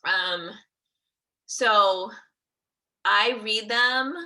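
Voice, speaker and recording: A woman's voice: medium pitch, extremely slow, sharp tone, poor audio. A young adult woman hosting a live interview, chatting casually with frequent laughter. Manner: chatty, laughs often, upbeat. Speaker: host.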